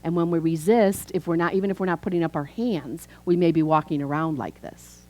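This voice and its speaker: A woman's voice: low voice, fairly quick, dark tone, rough recording. A woman in her fifties, a minister giving a chatty, conversational sermon, telling stories and acting out dialogue. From Chicago. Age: 50s. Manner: chatty storytelling, acts out dialogue.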